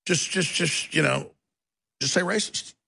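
Gravelly, raspy man hosting talk radio. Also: a little high, animated, fairly quick, pushed and bright, no echo. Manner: mocking, breaks into shrieking impressions. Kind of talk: heated political talk radio.

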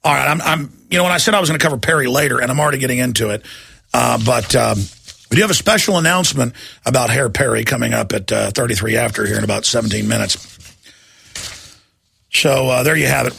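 A male talk host rants through a sarcastic political monologue in a gravelly, raspy voice. His tone is bright and edgy and sits a bit high for a man. The recording is close and dry. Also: quick pace, no echo. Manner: combative, sarcastic, ranting.

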